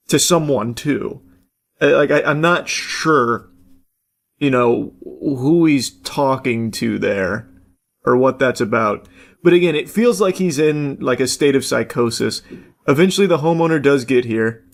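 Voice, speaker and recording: A man's voice: fairly high pitch, lively intonation, moderate pace. A man giving casual, rambling commentary as he reacts to a video clip. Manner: rambling, self-correcting narration.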